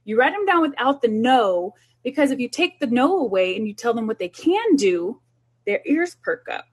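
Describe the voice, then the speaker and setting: A woman's voice: fairly high pitch, sing-song, moderate pace, husky. A middle-aged woman, a child development specialist, giving down-to-earth parenting advice in an informal talk, earnest and often repeating herself.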